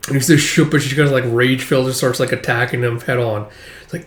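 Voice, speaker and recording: A man's voice: mid-range voice, fairly even intonation, quick pace. A man casually recapping a manga chapter, rambling and swearing, with lots of fillers. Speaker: manga reader and commentator. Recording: roomy echo.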